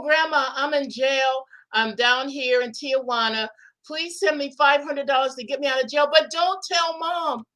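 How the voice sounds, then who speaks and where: Bright-voiced middle-aged woman telling stories. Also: high-pitched, poor audio. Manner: animated storyteller acting out phone calls. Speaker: co-host. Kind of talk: casual storytelling chat.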